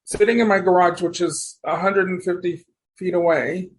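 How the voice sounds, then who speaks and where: A man as a podcast guest, telling stories in a rambling, animated way and often restarting his sentences. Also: high-pitched, moderate pace. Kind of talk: casual storytelling conversation.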